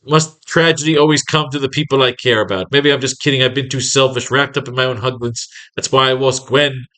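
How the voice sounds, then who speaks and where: A man's voice: mid-range voice, fairly even intonation, a little fast, bright, forceful tone. Profane, rambling man teaching comic writing. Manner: rambling, profane, acts out scenes. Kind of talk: casual comic-writing lesson.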